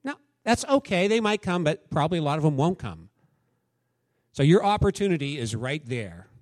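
A male pastor delivering a sermon in a candid, conversational way, slipping into little acted quotes as he tells stories. His voice sits a bit high for a man. The sound is dry and close, with no room echo. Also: sing-song, moderate pace.

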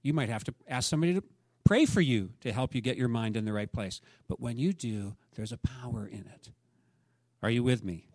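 A middle-aged man preaching a sermon as pastor, rising to emphatic peaks and then dropping soft. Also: medium pitch, fairly quick, no echo.

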